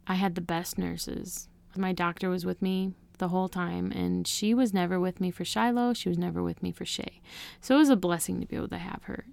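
A woman speaks as an interview guest, telling a deeply personal story in an earnest, emotional way. Her voice sits low for a woman and carries a gravelly fry, and the sound is dry and close. She talks casually, with many "you know" and "like" fillers. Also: a little mellow, dry recording.

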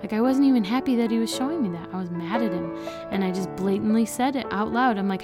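A woman's voice: medium pitch, fast talker, music in the background. A woman in her thirties, a podcast guest, telling a personal faith story in an earnest, emotional way. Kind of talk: personal testimony.

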